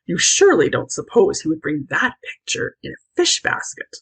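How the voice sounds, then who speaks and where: A woman's voice: deep voice, huge pitch swings, normal speed, gravelly, breathy edge, exaggerated voice. A woman reading aloud, voicing a prim, argumentative young girl in a storybook.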